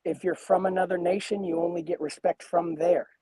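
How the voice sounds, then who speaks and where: High-voiced man over crowd noise. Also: flat delivery, a little fast, low-quality recording. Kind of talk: casual chat.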